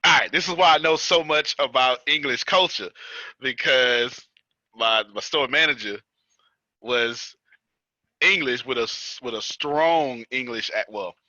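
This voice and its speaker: A man's voice: mid-range voice, a little slow, bright, forceful tone, no room sound, muffled recording. An American man hosting a business coaching call, chatting casually, teasing his group, laughing often and repeating himself for emphasis. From United States. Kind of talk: casual teaching chat.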